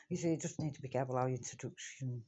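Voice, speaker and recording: A man's voice: medium pitch, fast talker, mellow, slightly rough. A man co-hosting a podcast, bantering casually and reacting to the story. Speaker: co-host. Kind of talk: casual chat.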